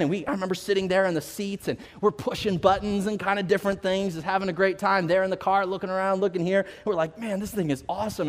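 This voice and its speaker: A male pastor telling a personal story in a sermon, building to slow, emphatic declarations. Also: high-pitched. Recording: long hall reverb.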